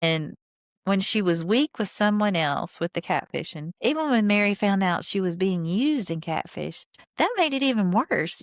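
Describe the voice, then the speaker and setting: A woman's voice: mid-range voice, no echo, studio quality. A woman hosting a podcast, giving opinionated, indignant commentary while rewatching a reality show and talking straight to her listeners. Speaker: podcast host.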